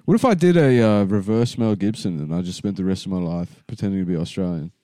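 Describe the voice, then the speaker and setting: A man hosting a comedy podcast, bantering crudely and deadpan while insisting on how his bits work. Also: deep voice, fast talker, dry recording, clean studio sound. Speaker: podcast host.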